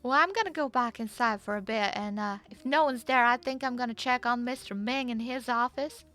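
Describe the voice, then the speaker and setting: A woman's voice: fairly high pitch, brisk, a bit bright, faint music behind, voice pushed up, close to an everyday voice. A woman playing a polite, folksy Southern belle in a wild west role-play, with a put-on Southern US accent.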